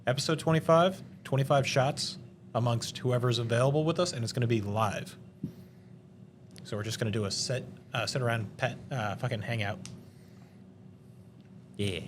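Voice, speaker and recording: A man's voice: medium pitch, moderate pace, pauses often, background noise. Joking man hosting a casual podcast. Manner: loose, joking, swears freely. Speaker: podcast host. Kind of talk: casual chat.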